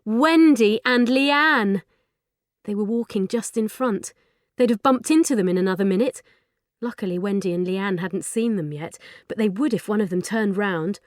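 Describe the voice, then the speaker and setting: A woman narrating a children's storybook in an expressive, lively way. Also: mid-range voice, normal speed, dry recording, clean studio sound. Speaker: audiobook narrator.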